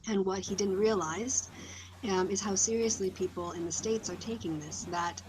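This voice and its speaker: A woman's voice: medium pitch, steady tone, moderate pace, darkish tone, slight background noise, poor audio. A woman hosting a casual online discussion, talking in a thoughtful, speculative way with many fillers over a video call. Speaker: host.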